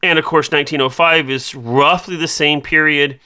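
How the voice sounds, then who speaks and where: A man co-hosting a casual podcast, reading out trivia notes with frequent fillers and pauses. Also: on the high side, steady tone, pushed and bright, clear, resonant tone. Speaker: podcast co-host.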